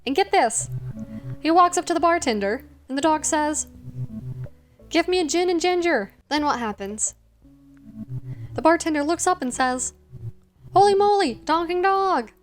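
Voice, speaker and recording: A woman voicing an excitable, friendly ghost dog who chatters sweetly. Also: sits high, a little slow, pauses often, soft background music. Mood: excited.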